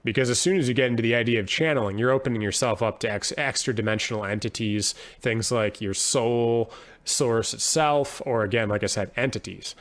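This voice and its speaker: Speaking briskly in a medium-pitched voice, this man joins a podcast as a guest, being both a poet and a musician. The interview is conversational; he's reflective and earnest, frequently beginning his sentences again while working through his thoughts.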